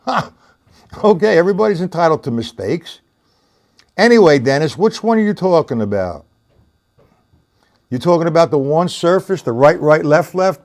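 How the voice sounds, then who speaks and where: A man's voice: on the high side, darkish tone. A man teaching drums on a live stream, chatting with viewers by name and counting rhythms aloud as he demonstrates. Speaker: drum teacher. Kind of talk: live-streamed lesson, answering chat.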